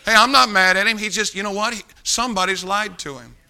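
A male preacher delivers a sermon in a high, very bright voice. He pleads and presses his points hard. His volume swings from loud to soft. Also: fairly even intonation, quick pace, clean tone.

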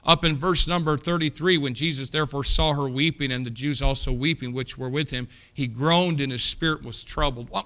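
Delivering a sermon with lots of energy, this male pastor jumps from loud peaks to quiet dips and performs different voices within his stories. His pitch is fairly high.

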